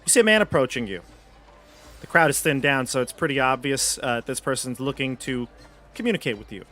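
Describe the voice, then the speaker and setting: Casual male game master, relaxed descriptive narration, soft music underneath. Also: medium pitch, fairly quick. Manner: relaxed, descriptive with frequent restarts. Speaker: dungeon master.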